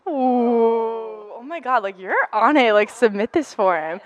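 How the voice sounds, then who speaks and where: A woman's voice: a little high, unhurried. A young woman working as a student reporter, chatty and teasing as she questions people in casual campus interviews. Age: young adult.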